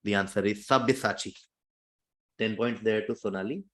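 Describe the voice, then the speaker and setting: Indian English quizmaster, measured delivery. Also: male voice, on the low side. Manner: steady, explanatory, lightly hesitant with fillers. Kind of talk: hosting a quiz show.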